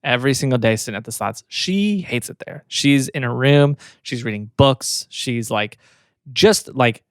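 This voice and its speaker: A man's voice: mid-range voice, normal speed, smooth, no echo, studio quality. A man co-hosting a podcast, telling a story in casual chat and laughing often as he goes. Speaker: podcast co-host.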